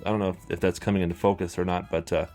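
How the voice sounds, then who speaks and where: A man's voice: low-pitched, level tone, rapid-fire, darkish tone, soft background music. A young Canadian man in his twenties, a record store owner chatting casually and enthusiastically about a favorite album, rambling with lots of fillers and restarts. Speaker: record collector and store owner, channel host. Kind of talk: casual album-review chat to camera.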